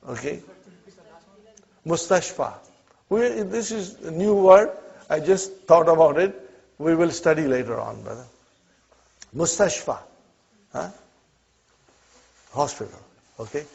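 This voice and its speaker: A man with a high-side, darkish, husky voice and some vocal fry teaches Arabic at a measured pace, leaving long pauses. Patient and encouraging, he explains example sentences and keeps checking with "huh?" and "okay?". This is a dull, lo-fi classroom recording.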